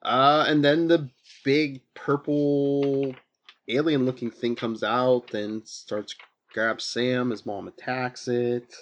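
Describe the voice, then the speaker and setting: A man's voice: medium pitch, little pitch movement, slow pace, highs cut off. A man hosting a podcast, casually retelling a comic book plot with lots of fillers and rambling asides. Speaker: podcast host.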